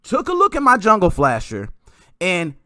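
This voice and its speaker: A man hosting a podcast, telling a story in a casual, excitable way with some mild swearing. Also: high-pitched, normal speed, no echo, studio quality. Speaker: podcast host.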